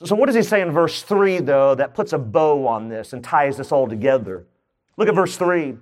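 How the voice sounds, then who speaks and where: A man's voice: a little high, expressive, normal speed. A man preaching a sermon, asking his congregation questions and joking as he goes. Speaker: pastor. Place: church.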